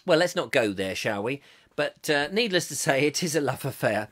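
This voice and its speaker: A man's voice: on the high side, big pitch swings, unhurried, fairly bright tone. A man from England hosting a comic live chat show, reading out viewer comments and rambling off into jokes. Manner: rambling, jokey, slips into silly voices. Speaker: host.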